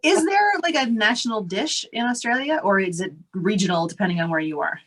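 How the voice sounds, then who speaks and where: A woman's voice: mid-range voice, expressive, a little fast. A woman hosting a podcast chat, asking curious questions and making playful guesses. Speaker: host. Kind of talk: casual chat.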